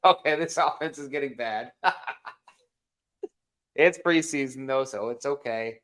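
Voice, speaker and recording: A man co-hosting a fan sports livestream with teasing, laughing banter and quick reactions. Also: medium pitch, fairly bright tone. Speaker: co-commentator.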